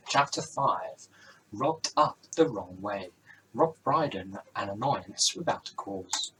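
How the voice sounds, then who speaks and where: Male game creator, casual narration; bright voice, light background noise. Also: lowish voice, expressive, slow pace, rough recording. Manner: casual asides between scripted scene titles.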